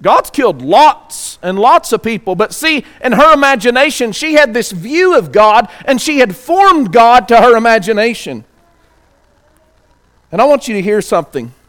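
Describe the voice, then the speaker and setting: A pastor delivering a sermon, asking the congregation rhetorical questions and reading scripture aloud. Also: male voice, extremely high pitch, big pitch swings, fairly bright tone. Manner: reads scripture aloud slowly.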